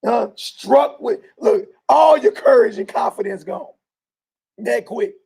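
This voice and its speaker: A man preaching an informal sermon to a live group, talking colloquially and loudly stressing his points. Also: extremely high pitch, lively intonation, slow pace, vocal fry, husky. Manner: loud emphatic bursts, colloquial, laughs often.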